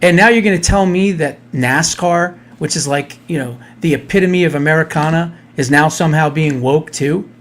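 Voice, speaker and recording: A man's voice: fairly high pitch, moderate pace, hardly any pauses, a bit bright. A man hosting a live talk radio show, ranting bluntly in casual political talk.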